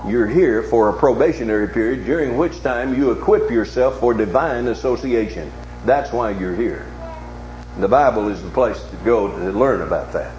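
A male preacher giving a sermon, swinging from low hushed tones to loud, emphatic challenges with repeated rhetorical questions. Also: normal speed. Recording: echoey, dull recording with faint hum.

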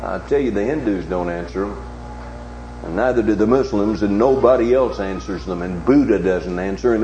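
A male preacher giving a sermon, swinging from low hushed tones to loud, emphatic challenges with repeated rhetorical questions. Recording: echoey, dull recording with faint hum.

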